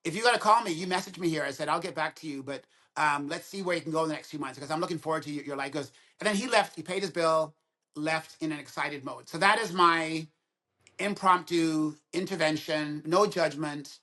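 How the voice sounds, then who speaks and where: Speaking a little high and a little fast, this roughly sixty-year-old man is a dentist guesting on a podcast. He spins casual stories with real animation, voicing both parties whenever he quotes a conversation.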